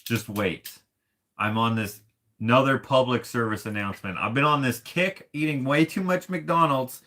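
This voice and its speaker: Rambling man with a bright, forceful voice. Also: mid-range voice, moderate pace. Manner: rambling, self-deprecating, laughs often. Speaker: artist vlogger. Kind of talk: casual rambling vlog chat.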